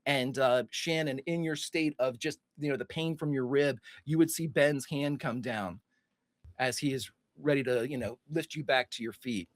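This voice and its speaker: A man's voice: medium pitch, moderate pace, no room sound. A man narrating a tabletop game as game master, loose and rambling with many fillers and restarts.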